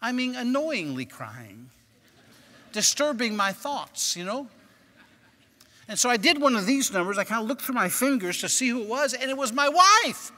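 A man preaching a sermon as a personal story, moving between quiet recollection and loud, emphatic bursts. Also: very high-pitched, sing-song, moderate pace, in a large hall. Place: church sanctuary.

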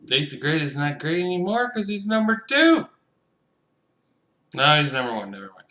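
A man's voice: on the high side, sing-song, moderate pace, long pauses, bright, forceful tone, roomy sound. A young man giving casual, joking gameplay commentary, profane and chatty as he talks to the other players.

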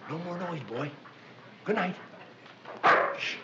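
An actor playing a flustered, good-natured young husband in a 1960s sitcom, coaxing and pleading with comic patience. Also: male voice, high voice, slow pace, heavy background noise. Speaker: comedy writer husband in a sitcom. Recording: dull 1960s TV soundtrack with roomy echo and laugh track. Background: studio audience laughter.

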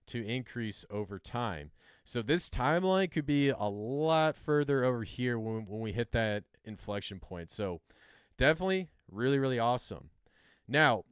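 A man's voice: mid-range voice, smooth, no echo, studio quality. A man hosting a livestream, casually explaining a chart he sketches as he goes, loose and chatty with some self-mocking asides. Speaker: crypto livestream host. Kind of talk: casual explainer while drawing on a screen.

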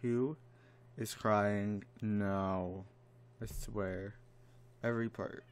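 A man's voice: on the low side, steady tone, extremely slow. A man giving casual commentary while playing a life-sim game, exasperated and dramatic, mock-scolding the characters. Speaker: let's play gamer. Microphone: desk microphone.

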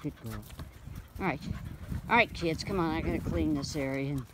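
A man's voice: a little high, animated, moderate pace, noisy background. A man with a Southern US accent giving a rambling, casual farm vlog outdoors, calling out to his dogs and chuckling now and then. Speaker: dog breeder and farmer. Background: dogs and outdoor farm sounds.

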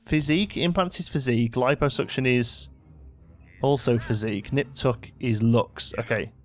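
A young man hosting a let's play offers casual gameplay commentary in a medium-pitched voice at a moderate pace. He bosses his in-game characters around with mock exasperation.

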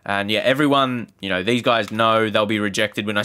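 A man commentating his own football video game session, ranting in frustration with sarcastic asides and sudden excited exclamations. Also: on the low side, fairly quick, few pauses, smooth. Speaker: gaming YouTuber. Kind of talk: gameplay commentary.

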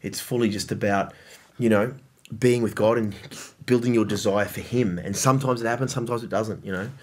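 A man hosting a podcast in casual chat, telling stories in an animated way with quick restarts. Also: on the low side. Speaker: podcast host.

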